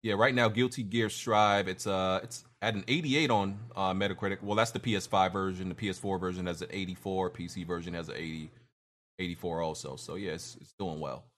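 A man's voice: deep voice, fairly even intonation, brisk, a bit bright. A man co-hosting a casual gaming podcast, talking in a laid-back way with lots of fillers. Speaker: podcast co-host.

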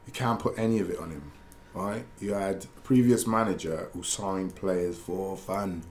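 Male ex-player pundit, low voice, animated anecdotes, slight hiss. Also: normal speed, reverberant. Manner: animated storyteller, many restarts. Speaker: pundit, former footballer. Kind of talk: casual chat, storytelling.

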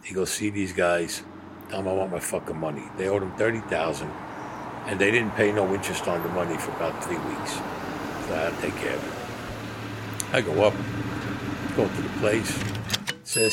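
A man with a low, husky voice recounts his past in blunt, profane language. He acts out each exchange as he tells it, switching between his own lines and the other people's. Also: fairly quick, fairly bright tone. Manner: blunt, profane storyteller who acts out dialogue. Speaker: former gangster telling his story. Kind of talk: recounting stories to camera.

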